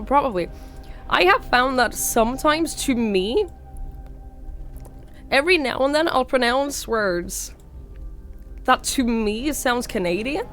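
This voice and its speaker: A young woman from Norway with a slight Norwegian accent, speaking hoarsely while sick, chatting casually on a live stream and thanking viewers by name. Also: fairly high pitch, fairly bright tone. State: hoarse, sick with a sore throat.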